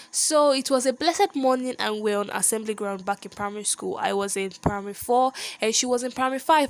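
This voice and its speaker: A young woman telling a personal story in a lively, animated vlog monologue. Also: mid-range voice. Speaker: vlogger.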